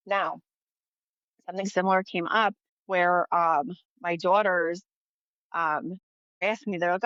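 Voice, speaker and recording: A woman's voice: fairly low pitch, fairly even intonation, moderate pace, fairly bright tone, dry recording, dull audio. A woman in her thirties, a podcast host, talking in a casual, earnest monologue, full of "like" fillers. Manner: earnest, chatty, many "like" fillers.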